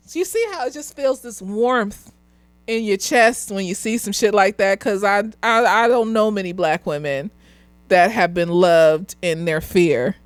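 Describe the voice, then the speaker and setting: A young woman giving a casual, slightly tipsy review of a TV series as a therapist, laughing often, swearing freely and jumping into high excited squeals. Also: clear, resonant tone, no room sound.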